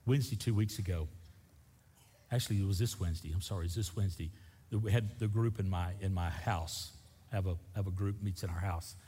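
A middle-aged man preaching a sermon as pastor, emphatic, swinging from loud bursts to soft asides. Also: low voice, brisk, slight background noise. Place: church sanctuary. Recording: long church hall reverb.

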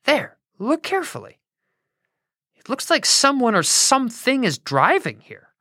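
A woman's voice: sits high, huge pitch swings, measured pace, sharp tone, no echo, studio quality, pitched above the performer's own voice, full character voice. A woman doing Yuri, a young sidekick guard. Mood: alert.

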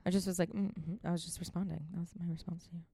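Rambling young woman with vocal fry. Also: fairly low pitch, level tone, rapid-fire, dark tone, no echo, clean studio sound. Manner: chatty, rambling, giggly. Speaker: podcast co-host. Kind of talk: casual chat.

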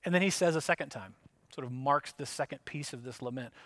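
A man preaching a reflective sermon, reading psalm verses aloud slowly and earnestly between plain explanations. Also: medium pitch, fairly bright tone, dry recording. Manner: reflective, earnest, reads scripture aloud with slow emphasis. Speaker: pastor.

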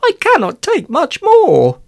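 A man's voice: very high-pitched, huge pitch swings, slow pace, vocal fry, dry recording, clean studio sound, voice pushed up, exaggerated voice. A man voicing a worried young schoolboy in a storybook reading. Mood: anxious. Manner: anxious, desperate.

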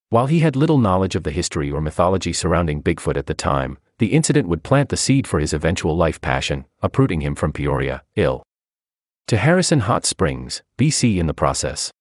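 A man reading a feature article aloud as scripted narration, in an expressive storytelling manner. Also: low voice, brisk, no room sound, clean studio sound.

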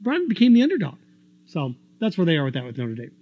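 A man's voice: a little high, fast, dry recording, muffled recording. A man hosting a sports talk show, delivering an opinionated monologue full of rhetorical questions. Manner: argumentative, rhetorical questions, animated.

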